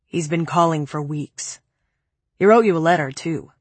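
A woman voicing a cold, cruel young man who speaks calmly and cuttingly in a low, flat tone. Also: moderate pace, breathy edge, no room sound. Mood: cold, menacing.

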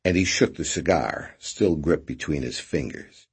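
Deep, husky male narrator. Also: lively intonation, unhurried. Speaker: audiobook narrator. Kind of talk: scripted narration.

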